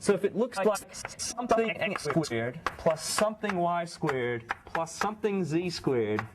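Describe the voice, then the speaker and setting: Against a noisy background, a man with a slightly sore, high-leaning voice gives a university math lecture in a lecture hall. He's animated but a little slow, speaking conversationally and frequently restarting or correcting himself.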